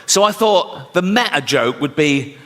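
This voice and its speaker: With an unhurried pace, a slightly high pitch, lively intonation, and a fairly bright tone, a man works through a stand-up set before a big crowd. He tells stories conversationally, acts out what others said, and often asks "right?" The sound has live hall reverb with faint room noise.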